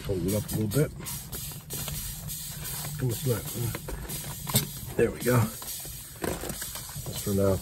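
An older man chatting in a relaxed, rambling way with lots of fillers, vlogging from a canvas teepee with a wood stove in the snowy woods. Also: on the low side, a little slow, pauses often, over loud music. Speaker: outdoors vlogger. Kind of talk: casual camp vlog. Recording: outdoor camp recording with steady background noise.

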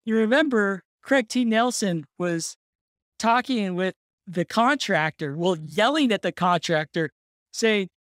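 A podcast host recounting a story in relaxed, easy chat and laughing along the way. The voice sits at a middling pitch and is recorded close and dry, with no room sound. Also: a little slow, no room sound. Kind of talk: casual chat.

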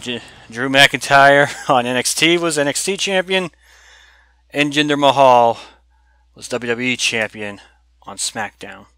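A man giving casual let's-play commentary over a wrestling video game, chatty and excitable and laughing often. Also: medium pitch, measured pace, smooth, no echo. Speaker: gameplay commentator.

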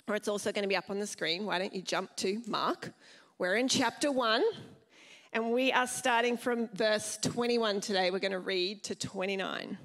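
A woman pastor giving a sermon in a lively, chatty way, often asking the congregation questions. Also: on the high side.

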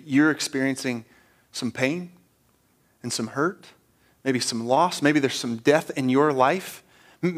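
Earnest, fairly high-voiced male preacher. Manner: earnest, building to passionate emphasis with repeated phrases. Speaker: pastor. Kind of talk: sermon.

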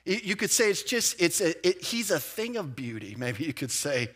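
Man preaching a casual, animated sermon. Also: a little high, normal speed. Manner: conversational, animated emphasis with asides and restarts. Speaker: pastor. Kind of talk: expository sermon. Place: church.

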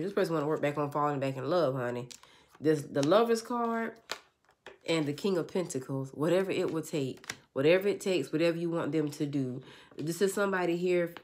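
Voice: mid-range voice, slight background noise. Earnest, repetitive tarot reader. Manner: earnest, repetitive, speaks for an unseen person; casual, informal. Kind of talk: channeled love tarot reading.

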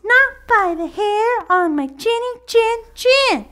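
A woman voicing a small frightened little pig in a children's storybook, speaking in a high squeal. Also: expressive, slow, fairly bright tone, exaggerated voice. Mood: defiant.

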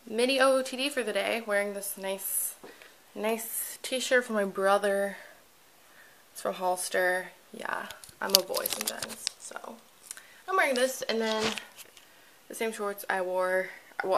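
A woman's voice: mid-range voice, slight background noise, low-quality recording. Gushing teen girl vlogging at home. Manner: gushing, filler-heavy, excitable. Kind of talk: casual vlog chat. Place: at home indoors.

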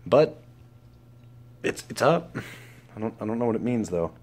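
A young man vlogging casually about his computer upgrade and daily routine, swearing freely and swinging between muttered asides and loud, upbeat advice. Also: on the low side, animated, moderate pace. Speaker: vlogger and streamer. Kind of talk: casual vlog.

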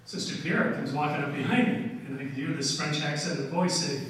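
Older man, folksy slide talk, bit high voice, far from mic, big echoey hall. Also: normal speed, fairly bright tone, a little hiss or hum. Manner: folksy storytelling with many "uh"s and "okay"s. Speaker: history presenter. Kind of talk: informal slide lecture. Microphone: distant room mic.

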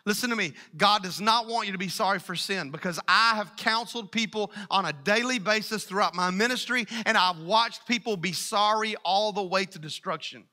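A middle-aged man preaching a sermon as pastor, energetic and calling out to the congregation. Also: sits high, a little fast, hardly any pauses.

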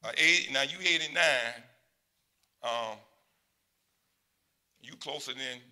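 A pastor in his sixties preaching a sermon in a conversational way, dropping to quiet asides and rising to loud, high exclamations. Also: slow. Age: 60s.

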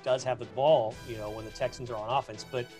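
A man's voice: mid-range voice, steady tone, fast, darkish tone, soft background music. Chatty, gushing man on a video call. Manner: chatty and gushing, self-described gabber. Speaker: team insider guest. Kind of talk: casual chat.

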